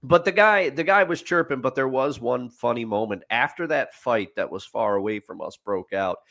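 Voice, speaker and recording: On a laid-back sports podcast, this male co-host spins rambling stories, often starting sentences over and chuckling at his own anecdotes. His voice is mid-range, expressive, and a bit bright, with vocal fry and a moderate pace.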